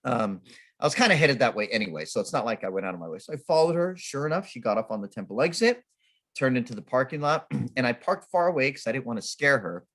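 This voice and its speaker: A middle-aged man from Sacramento, California, is a guest speaker at a temple service, telling humorous personal stories in a storytelling talk. He talks fast at a medium pitch, with a self-mocking, animated manner.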